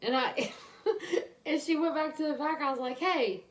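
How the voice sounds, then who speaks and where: A woman's voice: high-pitched, unhurried. A tired woman chatting casually and laughing as she tells stories about her day. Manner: loose, laughing storyteller. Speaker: co-host. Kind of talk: casual chat.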